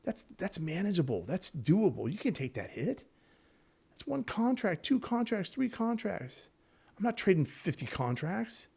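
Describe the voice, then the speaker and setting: A man teaching day trading over his charts in a casual, excitable way, repeating himself and talking straight to viewers. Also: sits high, a little slow, gravelly, slightly rough. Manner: excitable, repetitive, talks to viewers directly. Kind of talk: casual screen-share trading lesson.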